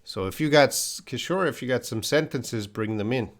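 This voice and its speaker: A man answering viewers' English questions in a live-stream lesson. He explains patiently, with pauses and restarts. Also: medium pitch. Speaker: English teacher.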